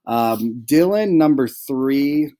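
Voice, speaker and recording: A man's voice: medium pitch, expressive, takes it slowly, mellow. A young adult man hosting a casual fantasy football recap, rambling with lots of "like" and "um" and joking about his friends. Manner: rambling, full of "like" and "um"; jokey, handing out mock penalties to friends.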